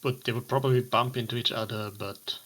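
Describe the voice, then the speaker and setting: Bright-voiced man running a game. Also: mid-range voice, fairly even intonation, fairly quick, poor audio. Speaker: game master. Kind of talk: running a tabletop game online.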